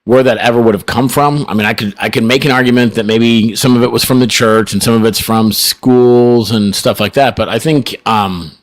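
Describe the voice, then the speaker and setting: A man's voice: mid-range voice, steady tone, normal speed, few pauses. A middle-aged man co-hosting a podcast in casual chat, rambling and laid-back with frequent chuckles. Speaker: podcast co-host.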